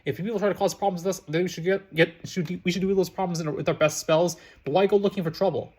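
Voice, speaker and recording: A man's voice: sits high, fairly even intonation, fast, a little mellow, breathy edge. A man reading as a hot-tempered young boy. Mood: reasoning. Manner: outraged, insistent. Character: earnest, hot-tempered eleven-year-old boy.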